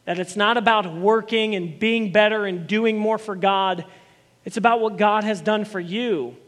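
A man preaching a sermon as a pastor, animated, with emphatic repetition and voiced quotes. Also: high-pitched, normal speed, in a large hall.

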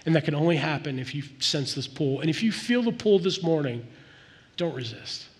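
A man preaches a sermon in an earnest, conversational way, now and then sinking to a soft, intense tone. His voice sits fairly high. The sound carries a long reverb, as in a large church hall. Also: lively intonation, normal speed. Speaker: pastor.

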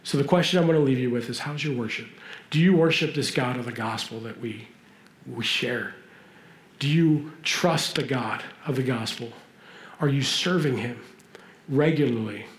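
A man preaching a sermon in a church, earnest and pausing, his voice moving between urgent and hushed. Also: mid-range voice, roomy sound. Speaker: pastor.

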